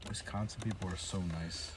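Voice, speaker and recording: A deep-voiced man talks loosely on a casual podcast, cracking jokes and swearing freely. He sits back from the microphone, so he sounds a little distant, with a faint hiss behind him. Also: normal speed. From United States. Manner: animated, joking, swearing freely. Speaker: podcast co-host. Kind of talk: casual chat. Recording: distant mic with background hiss.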